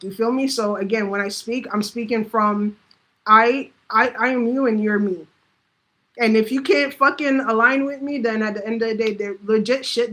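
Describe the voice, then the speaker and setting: A woman's voice: medium pitch, fairly bright tone, low-quality recording. A woman talking straight to camera about running a business, blunt and heavily profane, often acting out what other people said. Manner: acts out quoted voices. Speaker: vlogger giving business advice. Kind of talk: casual unscripted monologue.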